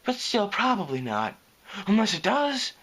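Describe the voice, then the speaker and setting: A shy little mare, as a male reader puts her on, speaking in a soft, meek voice raised higher than his own, with a lively, wavering pitch. She sounds hesitant and gentle throughout. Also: unhurried, full character voice. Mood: timid.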